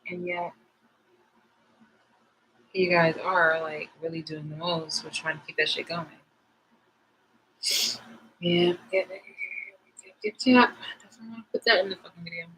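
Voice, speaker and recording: A woman's voice: sits low, steady tone, fairly quick, pauses often, a bit bright, slight background noise, poor audio. A woman vlogger chatting casually to her viewers, rambling and frank, swearing freely.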